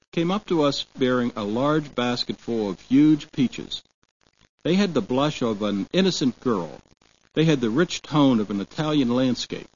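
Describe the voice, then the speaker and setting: Husky man reading a story slowly. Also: mid-range voice, darkish tone. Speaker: narrator and vocabulary reader. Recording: dull lo-fi recording.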